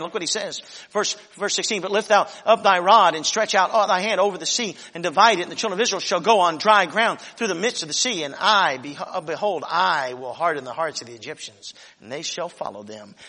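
A man preaching a sermon, acting out scripture and swinging from loud shouts to soft whispers. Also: high-pitched, in a large hall. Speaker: pastor.

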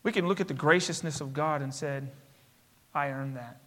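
Man, pastor, high bright voice, emphatic sermon, repeated parallel phrases, long church reverb. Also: normal speed. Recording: long reverb of a large hall.

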